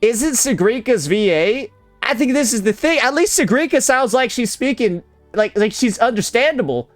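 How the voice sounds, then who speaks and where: A man's voice: very high voice, animated, normal speed, dry recording, faint music behind. Swearing, incredulous gaming YouTuber man. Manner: blunt, incredulous, keeps saying bro. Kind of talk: profane reaction commentary.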